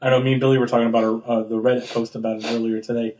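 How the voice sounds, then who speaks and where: A man's voice: flat delivery, very fast, a little mellow. A young man co-hosting a casual podcast chat, rambling with lots of fillers. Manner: rambling, filler-heavy, acts out quotes with big pitch jumps. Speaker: podcast co-host.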